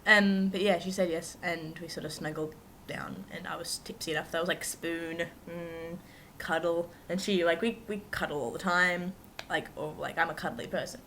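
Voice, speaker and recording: A woman's voice: on the low side, steady tone, fairly quick, fairly bright tone, a little hiss or hum. A young woman vlogger telling a personal story to camera in a chatty, rambling, self-mocking way with lots of asides.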